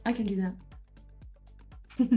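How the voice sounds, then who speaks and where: A woman's voice: medium pitch, steady tone, slow pace, mellow, soft background music. A woman playing a tabletop game, talking in a playful, giggly way. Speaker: player. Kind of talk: casual tabletop play.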